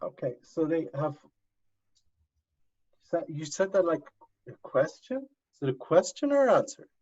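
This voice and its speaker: A man's voice: on the high side, very animated, a little slow, darkish tone. A male university professor teaching an online class, coaxing students step by step over a video call. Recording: dull lo-fi video call audio.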